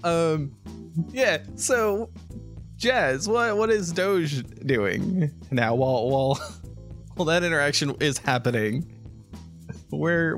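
A man runs a tabletop game in an unhurried, halting way. He laughs often and stumbles over his words. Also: mid-range voice. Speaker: game master.

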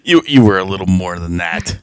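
A man's voice: sits low, expressive, fairly quick, clean tone, no echo. A man co-hosting a podcast in casual chat, often laughing as he tells stories with animation. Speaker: podcast co-host. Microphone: remote call.

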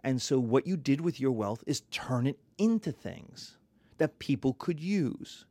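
A man lecturing on history in a lively, conversational way, sometimes acting out little voices. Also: medium pitch, a little slow, no room sound.

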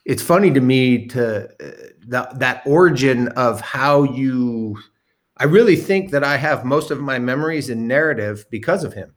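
A man telling a self-deprecating story in casual chat, animated and a bit profane. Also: medium pitch, moderate pace. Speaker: guest storyteller.

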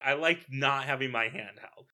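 Wry co-host with a bright voice. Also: medium pitch, moderate pace. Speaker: podcast co-host. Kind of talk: casual film recap chat.

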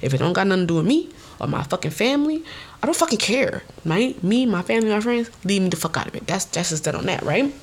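Blunt, animated woman podcast host. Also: mid-range voice, fast, a little hiss or hum. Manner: blunt, profane, animated storytelling. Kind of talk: casual storytelling monologue. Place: studio.

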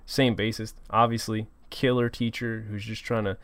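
A relaxed man chats about a movie with a friend. His voice runs low with a lot of vocal fry, and he drops a casual curse or two while poking fun at himself. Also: moderate pace. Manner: laid-back, self-deprecating, swears casually. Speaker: podcast co-host. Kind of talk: casual chat.

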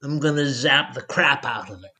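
A man's voice: mid-range voice, normal speed, sharp tone, breathy edge. A man playing in a tabletop game, laid-back and eager to act. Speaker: player. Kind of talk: casual tabletop game play.

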